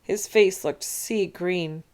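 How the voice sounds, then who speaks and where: A woman reading a children's chapter book aloud, narrating with expressive storytelling. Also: fairly low pitch, takes it slowly.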